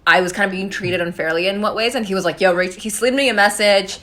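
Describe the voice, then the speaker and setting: A young adult woman, a podcast guest, telling animated stories in casual chat, full of laughs and fillers. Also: mid-range voice, fast. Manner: animated storyteller, laughs often, filler-heavy.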